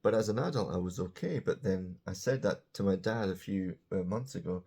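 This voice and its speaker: Low gravelly-voiced male English teacher. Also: dark tone. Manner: chatty, joking asides, slow drawn-out example words. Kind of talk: casual grammar lesson to camera. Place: indoors beside a small whiteboard.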